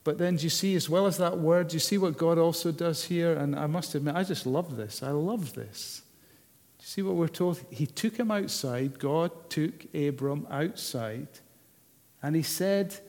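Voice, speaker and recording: A man preaching a sermon, measured and unhurried, often asking the listeners rhetorical questions. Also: fairly high pitch, a little mellow. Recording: long hall reverb.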